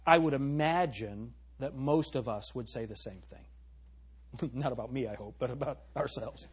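A man's voice: measured pace, husky. A middle-aged man, preaching an emphatic sermon and asking the congregation questions. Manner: turns to a high mocking tone when imitating girls. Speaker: pastor.

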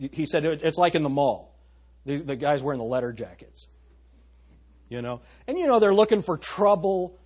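A man preaching a sermon in an animated, conversational way, asking the congregation rhetorical questions. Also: on the high side, husky. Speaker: pastor.

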